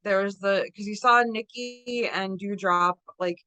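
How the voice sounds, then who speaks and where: A woman co-hosting a podcast, telling stories in a lively, casual way and acting out quotes. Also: mid-range voice, measured pace, no room sound. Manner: animated storyteller, acts out quotes, laughs often. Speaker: podcast co-host. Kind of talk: casual chat.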